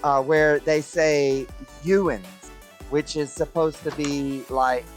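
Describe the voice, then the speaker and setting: A co-player telling stories in a relaxed gaming chat, with music playing behind. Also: mid-range voice, slow pace.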